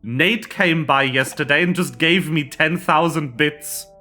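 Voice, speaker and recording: A man's voice: on the high side, a little slow, pushed and bright. A man chatting casually and laughing often as game master before a tabletop game from a home streaming setup.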